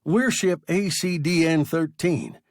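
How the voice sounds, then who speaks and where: A man doing a brisk, calm spaceship rescuer. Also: fairly high pitch, no room sound, clean studio sound, voice pushed up. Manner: brisk, soothing.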